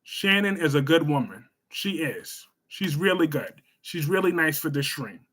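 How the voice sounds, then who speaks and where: A man hosts a live stream, chatting with viewers in an animated way. His voice sits high and bright. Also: moderate pace, husky. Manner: chatty, animated, scolds chatters loudly then gushes warmly. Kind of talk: casual live stream chat, reading viewer comments.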